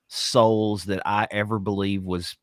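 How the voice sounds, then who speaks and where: A man talking on a casual podcast in a slightly low voice. He is earnest and gushing and swears for emphasis. His sound is dry and close to the mic. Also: level tone, unhurried, no room sound. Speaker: podcast co-host. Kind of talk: casual chat.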